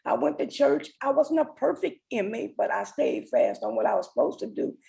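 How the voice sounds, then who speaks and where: A woman's voice: fairly high pitch, huge pitch swings, moderate pace, vocal fry, warm tone, poor audio. A woman in her forties giving an earnest, emotional personal testimony as a summit speaker. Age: 40s.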